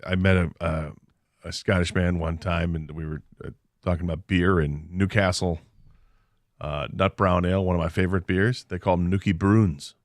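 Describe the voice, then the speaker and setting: Low-voiced male co-host, loose and laughing, dry close mic. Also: steady tone, normal speed, no echo. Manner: laughs often, rambling storyteller. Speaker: sports radio co-host. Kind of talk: casual sports radio chat. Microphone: studio microphone.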